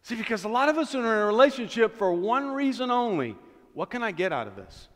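High-voiced preacher in a reverberant church. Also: male voice, very animated, fast talker. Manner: swings from hushed to shouting, repeats phrases. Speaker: pastor. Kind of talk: sermon.

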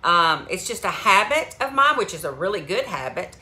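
A woman's voice: fairly low pitch, sing-song, normal speed, sharp tone. A woman selling beauty products, talking casually and upbeat to her phone camera at home. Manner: chatty, upbeat, says "like" often. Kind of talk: casual vlog.

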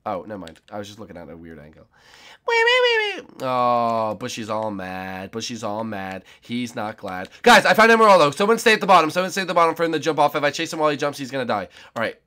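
A young man giving let's play commentary on a game, excitable and often shouting and squealing. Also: mid-range voice, fast talker, few pauses. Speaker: gaming YouTuber.

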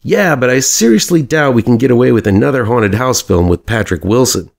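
Brief: breezy, smarmy male studio head on a call, high and gravelly, put on by a man. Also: lively intonation, fairly quick. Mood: chummy breezy. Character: jokey impression of a smarmy male studio boss on the phone.

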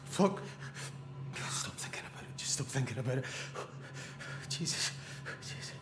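A man's voice: mid-range voice, expressive, unhurried, very noisy, close to an everyday voice. An actor voicing a frightened Scottish oil rig electrician in a video game, swearing under his breath in panic. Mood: shaken.

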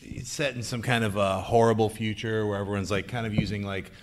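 A man's voice: on the low side, fairly even intonation, a little fast. A man chatting casually as a guest on a convention stage panel, enthusiastic and profane, joking freely as he recommends things. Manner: enthusiastic, profane film buff who jokes freely.

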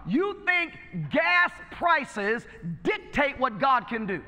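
A man's voice: very high-pitched, very animated, slow pace, bright, forceful tone, in a large hall. A male pastor preaching a sermon, exhorting and calling out to his congregation. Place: church sanctuary.

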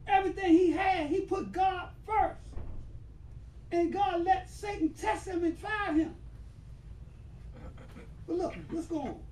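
A man, an imam, telling a story in a conversational sermon with emphatic, sudden loud bursts. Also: very high voice, fairly even intonation, slow pace, pauses often, slight background noise. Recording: roomy hall, voice far from mic.

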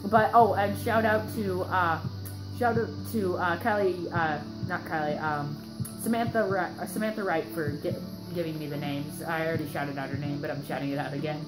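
A woman's voice: fairly low pitch, steady tone, moderate pace. Host type: young woman with a sore throat, chatty rambling game commentary, roomy echo and music behind. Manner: rambling and chatty, many fillers and restarts. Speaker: gaming channel host. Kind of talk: casual gameplay commentary.

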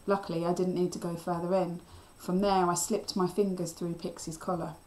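A woman teacher reading a children's novel aloud in a steady, expressive storytelling voice. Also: lowish voice, normal speed, poor audio.

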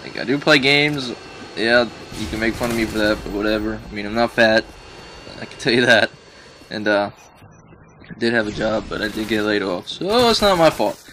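A man's voice: on the low side, normal speed, bright, forceful tone, a little hiss or hum. A man giving casual gameplay commentary, venting his frustration in rambling, profane talk full of fillers. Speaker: gaming video uploader.

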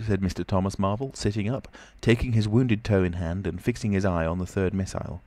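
A man with a very deep, low voice reads an audiobook in a measured, even way. The sound is dry and close, with no room around it. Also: no echo. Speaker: audiobook narrator. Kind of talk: scripted narration.

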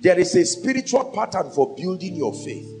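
A man's voice: high-pitched, sing-song, normal speed, darkish tone, soft background music. A man with a Nigerian accent preaching a sermon from a pulpit, emphatic and full of rhetorical questions. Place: at a pulpit before a congregation.

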